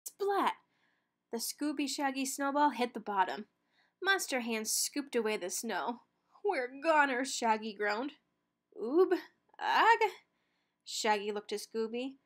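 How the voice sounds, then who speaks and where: A woman narrating a children's picture book read-aloud with expressive storytelling. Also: on the high side, unhurried.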